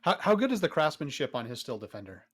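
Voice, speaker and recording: Unhurried male player. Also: a little high, sing-song, a bit bright. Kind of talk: describing character actions. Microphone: online voice call.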